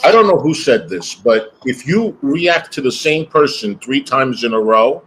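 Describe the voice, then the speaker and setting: A man hosting a stream, chatting in an animated, teasing way. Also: mid-range voice, measured pace, a little hiss or hum, poor audio. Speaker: stream host. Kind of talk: casual chat on a stream.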